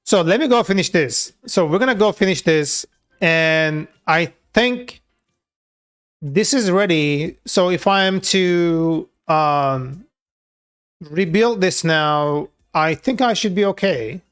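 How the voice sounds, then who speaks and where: A man's voice: a little high, lively intonation, slow pace, fairly bright tone, clear, resonant tone. A man talking loosely through a live coding session, with many filler words and casual swearing. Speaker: software developer streaming his coding work.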